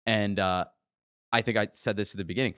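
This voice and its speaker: A man's voice: lowish voice, fairly quick, smooth, dry recording, clean studio sound. A young man who is a musician and church worker, chatting as a guest in a casual interview and telling stories with acted-out quotes. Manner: relaxed storyteller, acts out quotes.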